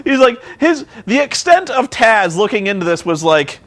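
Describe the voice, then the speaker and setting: A man's voice: high voice, moderate pace. A man giving a casual, sarcastic wrestling recap, swearing freely and acting out scenes. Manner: excitable, profane, sarcastic, acts out scenes. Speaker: vlogger reviewing wrestling. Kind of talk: casual commentary.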